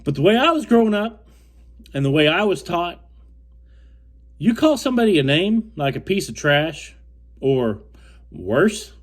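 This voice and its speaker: A man's voice: fairly high pitch, sing-song, measured pace, long pauses. A young man from the United States recounts a fishing trip in a casual, rambling way, restarting and repeating words, firm and indignant. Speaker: fishing co-angler telling a story. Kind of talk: casual storytelling to camera.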